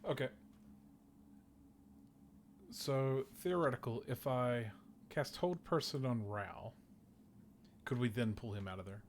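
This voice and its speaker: A man's voice: mid-range voice, slow, long pauses, slight background noise. A man playing in a tabletop game, working through the rules aloud and planning his character's moves. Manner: methodical, checks rules out loud. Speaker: player.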